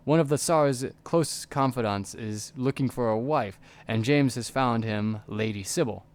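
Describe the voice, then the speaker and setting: A man's voice: medium pitch, unhurried, natural voice. A man reading aloud the lines of a young woman spy and former pickpocket in a game, in a lightly raised voice.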